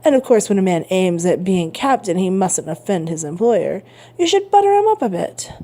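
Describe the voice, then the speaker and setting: A woman's voice: medium pitch, very animated, normal speed, mellow. A woman voicing a sly, grudging young male tailor who needles his neighbor in a storybook reading.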